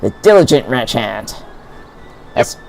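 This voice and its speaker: A man's voice: medium pitch, sing-song, a little slow, gravelly, a little mellow. A man playing a game with a friend, reading character lines in a light playful voice. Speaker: player voicing game characters. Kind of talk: casual co-op game voice-acting.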